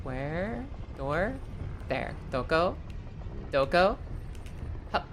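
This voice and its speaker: A young woman streaming a game live, chatting casually, swearing freely and jumping into high excited squeals. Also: extremely slow, slight background noise.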